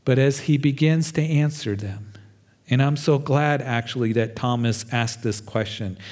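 A male pastor delivering a sermon to his congregation. His voice sits at an ordinary middle pitch. He teaches earnestly, often restarting phrases with repeated words. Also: a little slow, a little mellow.

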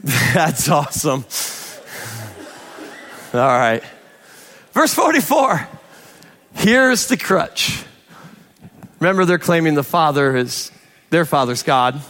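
A man preaching a sermon, animated, with sudden shouts and quick asides. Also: fairly high pitch. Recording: long hall reverb.

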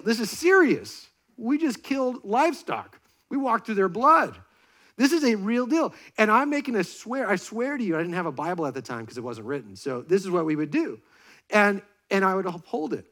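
A man delivers a sermon from a church stage before a congregation. His voice sits somewhat high for a man. He is lively and jokey, and he talks to volunteers as he guides them around the stage. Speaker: pastor.

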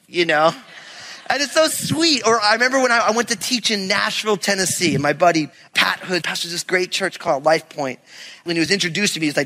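A man from New York preaching a sermon as pastor, animated and conversational, acting out stories. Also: sits high, fast, big-room sound. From New York area. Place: church sanctuary.

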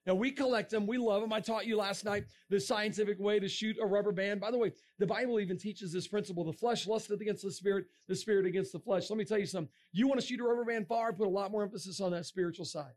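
A middle-aged man giving a lively creationist talk to a young audience, joking and asking the crowd questions. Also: high-pitched, fast, few pauses. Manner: animated, asks the crowd questions, jokes. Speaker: creationist speaker.

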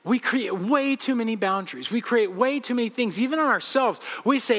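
A man's voice: sits high, lively intonation, fairly quick, hardly any pauses, a bit bright, big-room sound. A man preaching a sermon as pastor, earnest and pleading as he speaks straight to his congregation. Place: church sanctuary.

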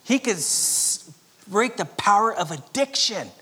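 Pastor, male, from Southern California; dynamic preaching with loud and near-whispered passages. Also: high-pitched, sing-song, a little slow, breathy edge. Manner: dynamic preaching, swinging from loud emphatic lines to soft near-whispers, with chuckles. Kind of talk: sermon.

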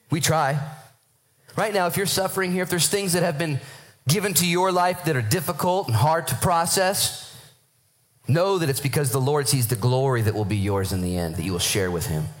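A male pastor preaching a sermon and telling stories with acted-out quotes. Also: medium pitch. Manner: animated storytelling with acted-out quotes.

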